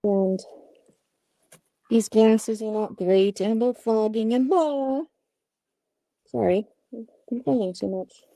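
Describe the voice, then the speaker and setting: A woman's voice: a little high, slow pace, long pauses, dark tone, no room sound, clean studio sound. A woman puppet maker talking casually through her work on a livestream, outdoors, apologizing often. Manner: chatty, self-apologetic.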